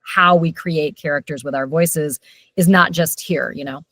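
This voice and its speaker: A middle-aged woman, a voiceover coach, telling stories animatedly in a casual interview. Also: deep voice. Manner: animated storyteller, quick shifts in loudness.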